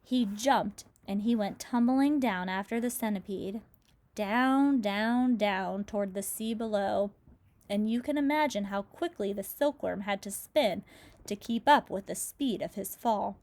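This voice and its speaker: A woman reads a children's storybook aloud at a middle pitch. She narrates the story plainly and brings its characters to life with lively voices. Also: measured pace. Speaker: storybook reader. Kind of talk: reading a children's book aloud.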